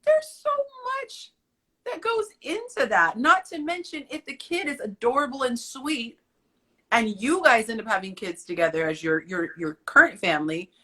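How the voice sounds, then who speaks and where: A woman's voice: a little high, lively intonation, moderate pace, pushed and bright. A woman arguing her views emphatically in a casual live conversation. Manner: emphatic, opinionated. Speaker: guest on a live stream.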